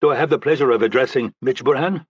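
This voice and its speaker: A tall, courteous policeman with an African accent, as a male audiobook narrator puts him on, asking questions in a measured, pleasant way. His voice sits a bit higher than the narrator's own, with a husky edge. The close, dry recording sounds slightly muffled. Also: no room sound, natural voice. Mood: polite, probing. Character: calm, polite male police officer, tall.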